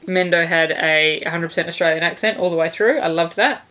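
Brief: relaxed female podcast co-host, a bit lower in pitch, candid and chatty. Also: brisk. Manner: chatty, candid, hesitant fillers. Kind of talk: casual film chat.

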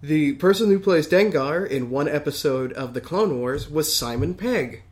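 A man's voice: fairly high pitch, animated, moderate pace. A man co-hosting a casual chat, hesitant, with many fillers and restarts. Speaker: podcast co-host.

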